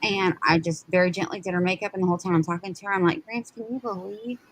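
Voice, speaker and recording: Animated woman telling a story. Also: on the low side, racing, slight background noise, rough recording. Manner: animated storyteller acting out quotes. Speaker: live show co-host. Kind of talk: casual storytelling chat.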